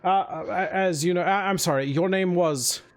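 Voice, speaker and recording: Man putting on a gushing high-voiced mayor. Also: moderate pace. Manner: effusive, overly polite host. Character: fussy, gushing middle-aged male town mayor.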